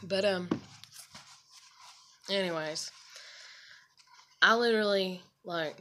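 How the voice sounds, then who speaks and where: A woman's voice: on the low side, slow, noisy background. A woman telling a personal story in a casual, rambling, candid way, swearing and filling with "you know" and "like".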